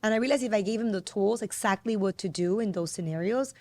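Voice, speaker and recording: A woman podcast host telling a family story in a casual conversation, getting animated as she quotes her child. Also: mid-range voice, fast talker. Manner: storytelling, animated when quoting her son.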